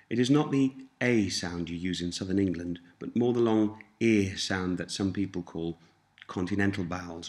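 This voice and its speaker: A man teaching a language lesson, saying each word slowly and repeating it for listeners to copy. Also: sits low, a little mellow. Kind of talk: slow scripted language lesson.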